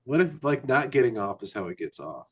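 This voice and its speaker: A man as a podcast guest, throwing in crude, quick-witted quips during casual banter. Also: mid-range voice, big pitch swings, breathy edge.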